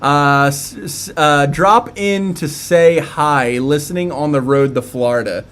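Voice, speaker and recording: A man's voice: fairly high pitch, a little slow, fairly bright tone, smooth. Chatty man with a Philadelphia accent. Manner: chatty, reads viewer comments aloud, many fillers. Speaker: live-stream host. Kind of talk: casual live-stream chat.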